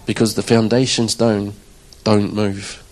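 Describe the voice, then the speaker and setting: In an unhurried, fairly low voice, a man who plays drums at church recounts his testimony to the congregation. The audio is poor, and his conversational storytelling stays animated, with his reactions acted out as quotes.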